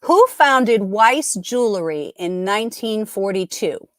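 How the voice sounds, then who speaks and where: A woman's voice: medium pitch, lively intonation, slow, no room sound, studio quality. A middle-aged woman hosting a live trivia game, chatting casually and upbeat, often breaking off mid-sentence. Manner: chatty, upbeat, self-interrupting. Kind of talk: casual live-stream chat.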